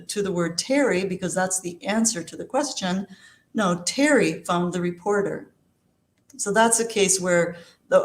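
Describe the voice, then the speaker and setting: A woman with a fairly low voice gives a measured academic lecture and explains each point step by step. She fills her pauses with ums and uhs. The sound carries an echo from the room. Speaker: linguistics lecturer.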